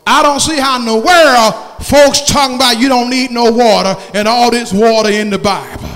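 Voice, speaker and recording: High, shouting preacher in a reverberant church. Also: male voice, steady tone, normal speed. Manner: call-and-response preaching, swinging from shouts to hushed tones. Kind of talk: sermon. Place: church sanctuary.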